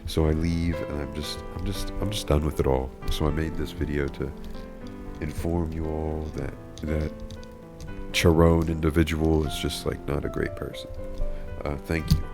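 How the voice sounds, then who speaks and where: A man's voice: a bass voice, little pitch movement, moderate pace, creaky. A man telling a comedic story in a rambling, mock-serious way, stumbling over repeated words. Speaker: video creator. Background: background music.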